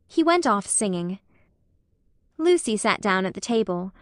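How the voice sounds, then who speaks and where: A woman narrating a classic novel as an audiobook in a measured, expressive way. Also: mid-range voice, no echo, studio quality.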